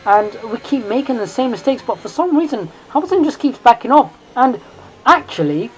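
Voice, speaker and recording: Give me an excitable woman commentating a race game. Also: a little high, moderate pace, a little hiss or hum, poor audio. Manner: excitable, rising and louder in tense moments; chatty, self-correcting asides. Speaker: sim racing video creator.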